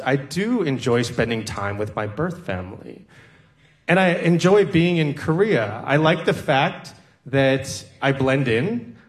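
Slow, earnest male storyteller. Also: mid-range voice. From American Midwest. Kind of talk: personal storytelling on stage.

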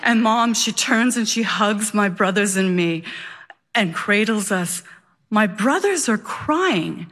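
A woman telling a personal story live, expressive and animated, building suspense. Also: mid-range voice, slow pace.

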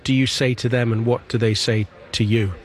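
A male interview host speaks gently at a middle pitch. He stammers over the first sounds of his phrases before settling into full sentences. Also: fairly even intonation, moderate pace. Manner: gentle, with nervous stammered restarts. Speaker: radio or podcast host.

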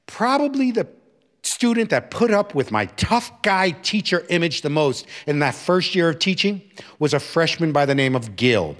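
A man's voice: fairly high pitch, normal speed. A man telling a personal story from his teaching life to an audience, acting out the voices of the people in it. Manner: animated, acting out quoted voices.

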